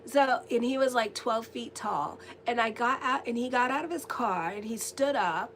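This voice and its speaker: High-voiced chatty woman astrologer. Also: normal speed, fairly bright tone, slight background noise. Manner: chatty, rambling, laughs easily. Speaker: astrologer and tarot reader. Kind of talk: casual horoscope and tarot reading.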